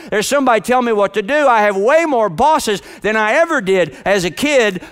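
High-voiced male pastor preaching. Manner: lively, rhetorical, drawing out key words. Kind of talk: sermon. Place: church.

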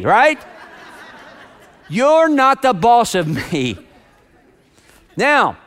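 A man preaching a sermon in a church, lively and rhetorical, stretching out key words for emphasis. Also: very high voice, clear, resonant tone. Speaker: pastor.

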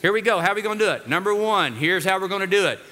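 A man preaching a lively sermon as pastor, urging the congregation to repeat phrases after him. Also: high voice, rapid-fire.

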